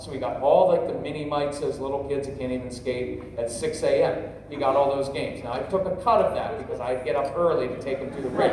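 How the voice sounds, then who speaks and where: A man's voice: on the high side, normal speed, darkish tone. A middle-aged man giving a humorous, rambling parenting workshop to a live audience, joking and talking straight to the crowd. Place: large convention hall. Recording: echoey hall, voice from a distance, faint noise.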